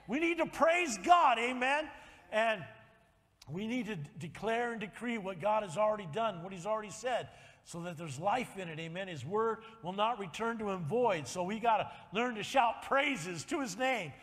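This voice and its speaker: A man in his sixties preaching a sermon, telling a story with animated swings and rising to shouts of praise. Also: high-pitched, moderate pace. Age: 60s. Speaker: pastor. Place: church sanctuary. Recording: long hall reverb.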